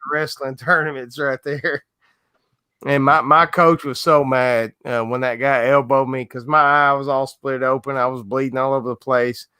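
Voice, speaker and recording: A man's voice: mid-range voice, little pitch movement, normal speed, bright, forceful tone, smooth, dry recording, clean studio sound. A man chatting casually as a guest, laughing, swearing and checking in with "right?" as he tells a story. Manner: laughing, profane, keeps saying right. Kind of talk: casual chat.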